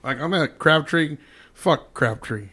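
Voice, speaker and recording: A man's voice: a little high, a little slow, slightly rough. A man, a regular on a casual podcast, telling stories with lots of swearing and acted-out dialogue. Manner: excitable storyteller, swears freely, acts out dialogue. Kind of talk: casual chat.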